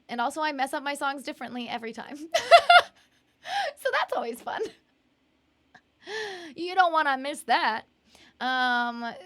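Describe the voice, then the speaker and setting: High-pitched with a sharp edge, this young woman's live stream is casual and rambling. She's bubbly and giggly, laughing a lot as she reads out messages from chat.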